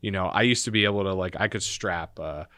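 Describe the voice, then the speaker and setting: A man's voice: low-pitched, fairly quick, sharp tone, no room sound. A young man as a podcast guest, telling stories in a rambling, casual way full of fillers. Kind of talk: casual chat, storytelling.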